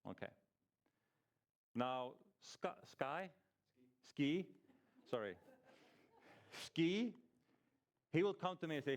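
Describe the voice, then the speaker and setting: A man's voice: a little high, expressive, slow, long pauses. A man giving an informal teaching talk to a small church group, conversational, asking the group questions as he goes and often restarting his sentences.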